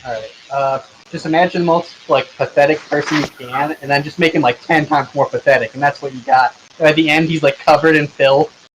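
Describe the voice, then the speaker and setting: A man with a slightly high voice runs a tabletop game over online chat. He narrates the scene loosely and casually, pausing on plenty of fillers, over a faint hiss. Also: fairly even intonation, a bit bright, poor audio. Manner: loose, rambling, with many fillers. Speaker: game master.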